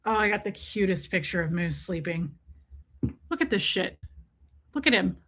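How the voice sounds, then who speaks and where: A woman's voice: mid-range voice, a little slow, pauses often, a bit bright. A woman chatting casually on a live stream, talking with viewers about her pets, swearing freely and sometimes putting on silly voices for her cats.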